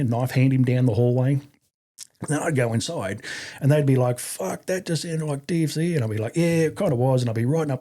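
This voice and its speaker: A man's voice: medium pitch, mellow, slightly rough. A middle-aged man with an Australian accent, telling a story as a podcast guest in a blunt, profane, rambling way. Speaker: podcast guest, army veteran. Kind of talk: casual anecdotal storytelling.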